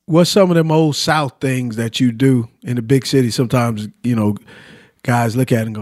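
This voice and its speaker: A man's voice: mid-range voice, normal speed, a little mellow. A man hosting a casual chat, joking and using a lot of slang. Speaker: host.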